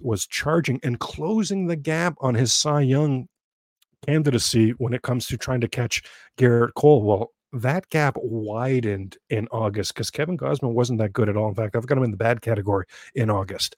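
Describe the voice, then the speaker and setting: A man's voice: medium pitch, moderate pace, dry recording. A man hosting a solo sports talk show, reeling off stats with exasperated outbursts and frequent restarts. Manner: animated, exasperated outbursts and self-interrupting restarts. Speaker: sports podcast host.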